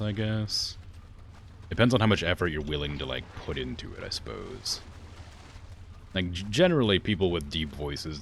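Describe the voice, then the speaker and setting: Playing a game on stream, a man answers viewer questions in a rambling, casual chat packed with "like" fillers. His voice rumbles low and gravelly yet has a fairly bright tone, and there's a slight hiss or hum behind it.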